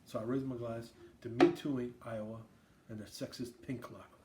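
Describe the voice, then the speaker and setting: A man's voice: mid-range voice, steady tone, normal speed, very noisy. A man from Queens hosting a casual sports podcast, riffing and raising toasts. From Queens, New York. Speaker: podcast host.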